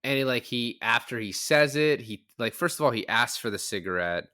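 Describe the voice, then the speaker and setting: A man's voice: medium pitch, normal speed, no echo, clean studio sound. A man hosting a film podcast, chatting casually and loosely with many fillers. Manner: relaxed, lots of "like" fillers. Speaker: podcast host.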